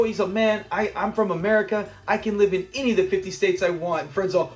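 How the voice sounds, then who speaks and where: High-voiced man recapping an episode. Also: quick pace, faint music behind. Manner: animated retelling, acting out quoted lines with laughs. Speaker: show recap host. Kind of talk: casual episode commentary.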